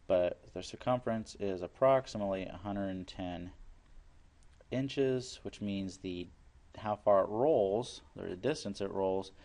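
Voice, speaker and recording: Low-voiced male teacher walking through a math lesson, plain and patient, repeats key steps. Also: gravelly, darkish tone. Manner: plain explanatory, repeats steps, works problems aloud.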